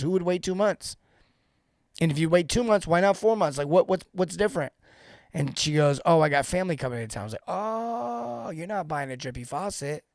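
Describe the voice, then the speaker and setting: A man coaching tradespeople on sales in a live online show. He talks in an animated, emphatic way and drives each point home by repeating it. His voice sits fairly high, and the sound is dry and close. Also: no echo.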